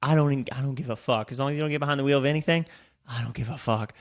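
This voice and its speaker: A young man co-hosting a podcast races through stories in casual chat, his voice mid-range. He swears freely and acts out what people said.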